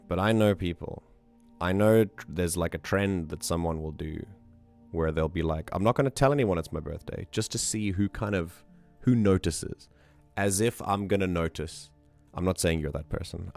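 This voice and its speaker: A man with a deep, low-pitched voice that has gone hoarse, chatting casually on a livestream. He talks in a playful, teasing, rambling way. Soft music plays quietly in the background. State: hoarse, losing his voice. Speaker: livestream host.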